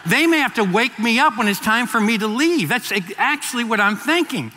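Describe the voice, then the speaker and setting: A man's voice: very high voice, lively intonation, brisk, bright, forceful tone, in a large hall. A man in his fifties preaching a sermon as a pastor, telling stories with frequent restarts and repeated words. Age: 50s.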